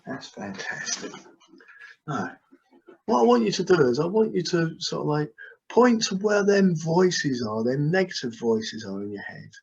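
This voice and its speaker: Brief: male hypnotist, slightly high voice, soothing repetitive delivery, lo-fi call audio. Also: sing-song, measured pace, creaky, darkish tone, slight background noise. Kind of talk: guided hypnosis session. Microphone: video call. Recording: dull lo-fi video call audio.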